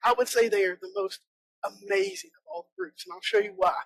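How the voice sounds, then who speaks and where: A woman's voice: sits high, sing-song, a little fast, vocal fry, dry recording, rough recording. A woman from South Georgia with a Southern American accent, giving a chatty, joking conference talk as a bee inspector. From South Georgia, USA. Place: conference room.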